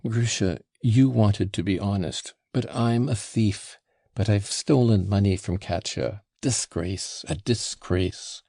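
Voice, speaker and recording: A man's voice: lowish voice, takes it slowly, gravelly, dark tone, dry recording, studio quality, heavily acted. A man reading an audiobook and voicing a reckless young man, drunk and passionate, who blusters and then mutters. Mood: tormented.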